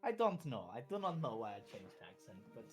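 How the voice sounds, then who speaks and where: A man narrating as game master of a tabletop game, in measured, descriptive narration with small restarts. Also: medium pitch, sing-song, darkish tone, faint music behind, poor audio.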